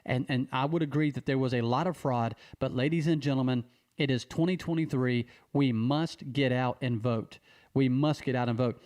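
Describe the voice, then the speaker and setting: Guy from mississippi, earnest talk to camera, keeps repeating himself, slows way down to hit the big points. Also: mid-range voice, a little mellow. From Mississippi, USA. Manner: repetitive, emphatic, with slow stressed phrases and restarts. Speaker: civic advocate addressing viewers. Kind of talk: earnest direct-to-camera appeal.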